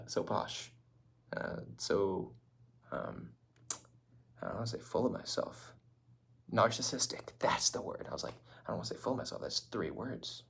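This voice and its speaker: A man's voice: on the low side, creaky. A young man chatting to the camera in a casual vlog, rambling and laughing often, sometimes dropping into a whisper. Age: young adult. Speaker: vlogger.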